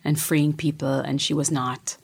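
Woman, middle-aged, low voice, husky, casual reflective storytelling, slips into a whisper. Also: flat delivery, a little slow. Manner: reflective, often dropping to a soft whisper.

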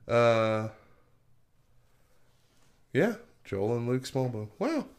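A man's voice: medium pitch, very animated, drawn-out words, clear, resonant tone. A man hosting a morning radio show, easygoing and often laughing, mixing casual banter with reading out news items.

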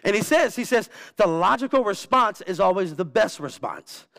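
A man preaching a sermon as pastor, animated and emphatic, repeating key words for effect. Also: high-pitched, normal speed, vocal fry. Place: church.

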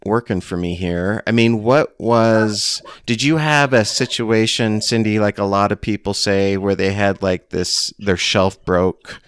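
A man's voice: fairly low pitch, fairly even intonation, unhurried, hardly any pauses, a bit bright, clear, resonant tone, dry recording, clean studio sound. A man hosting an interview, asking probing questions and summing up his guest's story. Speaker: interview host. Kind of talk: conversational interview.

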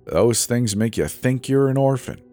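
A man voicing a sullen, deadpan teenage boy with a British accent. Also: medium pitch, moderate pace, soft background music, pitched above the performer's own voice, close to an everyday voice. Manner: deadpan, grumbling.

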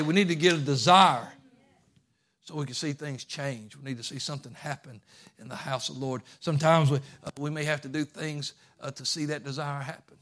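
A man pastor preaching a fervent sermon, moving from quiet asides to shouting. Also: fairly high pitch, fairly even intonation, fairly quick. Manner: fervent, swings from hushed to shouting.

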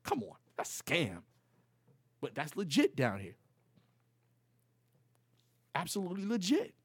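Gravelly New man telling stories. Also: high voice, measured pace, dry recording. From New York City. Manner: animated, profane street slang, acts out quoted dialogue. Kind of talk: casual storytelling.

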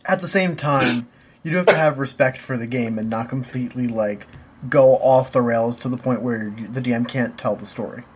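Deadpan game master guy teasing his player, mid voice, hiss in the background. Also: medium pitch, normal speed. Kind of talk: casual podcast chat.

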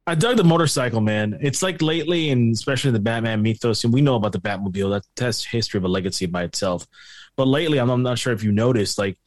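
A man's voice: medium pitch, dry recording. A man with a mid-range voice chats casually as a podcast co-host, wandering off on side tangents. The recording is dry and close. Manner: chatty and digressive, often laughing along. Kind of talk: casual chat.

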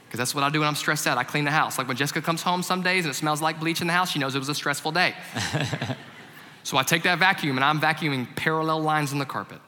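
Bright-voiced man preaching in a reverberant hall. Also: a little high, fast. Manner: animated, shifts from loud comic storytelling to hushed reflection. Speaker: family pastor. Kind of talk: sermon with humorous storytelling.

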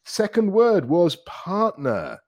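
A man hosting a podcast English lesson, encouraging his student and repeating words slowly to practise pronunciation. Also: high voice, wildly swooping pitch, a little mellow, no echo. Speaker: English teacher and podcast host.

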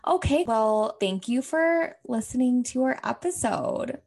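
A woman's voice: fairly high pitch, animated, measured pace, gravelly, a little mellow. A young woman co-hosting a casual podcast, chatty and laughing often, full of fillers. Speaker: podcast co-host. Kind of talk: casual chat.

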